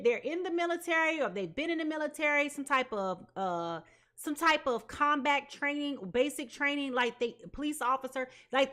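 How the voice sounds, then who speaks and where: A woman's voice: sits high, pushed and bright. A woman giving a live tarot reading, talking in an emphatic, repetitive way with casual slang. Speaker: tarot reader.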